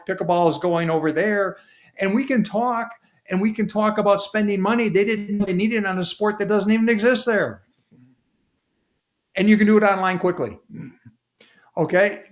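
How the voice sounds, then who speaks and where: Folksy man telling homely stories. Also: high voice. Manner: folksy, storytelling with homely examples. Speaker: guest author. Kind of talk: casual explanatory talk. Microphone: video call.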